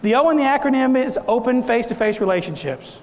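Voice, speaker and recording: A middle-aged man with a very high-pitched voice talks fast as the keynote speaker at a conference, delivering a motivational talk. He is animated, quizzes the audience with questions, and acts out different tones of voice. The recording picks up the echo of a large conference hall.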